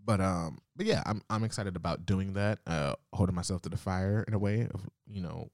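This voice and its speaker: A man's voice: sits low, a little fast, darkish tone, dry recording, clean studio sound. A young adult man co-hosting a podcast in casual chat, laughing often and teasing playfully. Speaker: podcast co-host.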